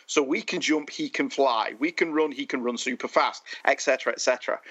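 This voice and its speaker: A man co-hosting a casual movie discussion, thoughtful and measured with dry humor. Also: medium pitch, fairly bright tone. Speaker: podcast co-host.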